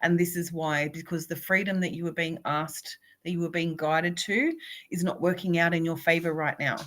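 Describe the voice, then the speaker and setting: A woman with a slightly low voice reads oracle cards live as a spiritual coach. She speaks warmly and encouragingly, addressing each viewer by name. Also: steady tone, normal speed.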